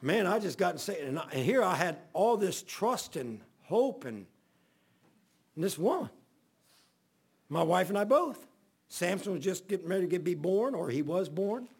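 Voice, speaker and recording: A man's voice: sits high, very animated, normal speed, creaky, slightly rough. A middle-aged man, a pastor, telling a long folksy story in a rambling sermon. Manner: folksy, rambling anecdotal preaching.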